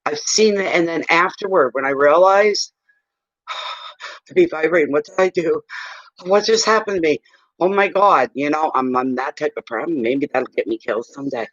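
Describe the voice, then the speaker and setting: A man's voice: a little high, normal speed, a bit bright, no echo, dull audio. A man doing a casual livestream tarot reading, telling blunt, salty stories between questions. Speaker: tarot reader.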